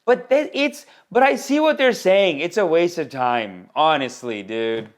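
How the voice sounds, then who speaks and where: A man's voice: fairly high pitch, animated, a little slow. A man from India, a stand-up comedian hosting a podcast, rambling through a casual comic monologue full of slang.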